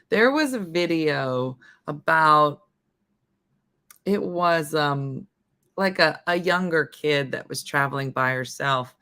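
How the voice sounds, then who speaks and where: Middle-aged woman host, low voice with a bright edge, loose and chatty on a live stream. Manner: chatty, reacting to viewer comments. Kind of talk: casual live-stream chat.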